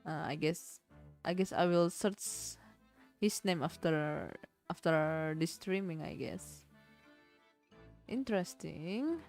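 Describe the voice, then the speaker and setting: A woman's voice: lowish voice, slow pace, long pauses, a little mellow, faint music behind. A woman streamer with an Indonesian accent, chatting playfully and giggling while she plays. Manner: playful, giggly, mixing languages. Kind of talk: casual game-stream chat.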